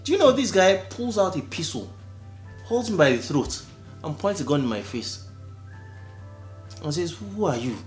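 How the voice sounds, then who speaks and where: Animated man, swooping pitch. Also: normal speed, pauses often, echoey room, faint music behind. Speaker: podcast co-host. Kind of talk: casual storytelling chat.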